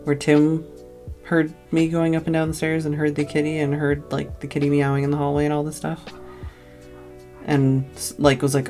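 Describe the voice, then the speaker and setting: A woman's voice: low-pitched, monotone, moderate pace, warm tone, soft background music. A tired woman streamer telling a long, casual story, rambling and full of "like" fillers.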